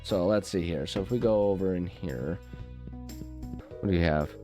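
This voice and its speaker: A man's voice: low voice, moderate pace, dark tone. A man hosting a casual gaming video, rambling and goofy as he plays and interrupts himself often. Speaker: gaming channel host. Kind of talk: casual let's play commentary. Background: game music.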